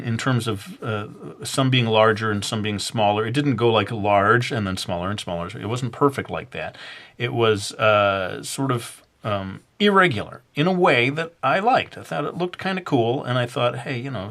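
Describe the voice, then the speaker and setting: A man's voice: lowish voice, fairly bright tone. A man narrating a drawing tutorial in a loose, rambling way, full of fillers and little self-deprecating jokes. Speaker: drawing instructor.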